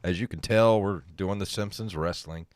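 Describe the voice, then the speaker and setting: A man's voice: sits low, normal speed, a little mellow, no echo, clean studio sound. A man hosting a retro gaming podcast, joking and laughing often in casual chat. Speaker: podcast host.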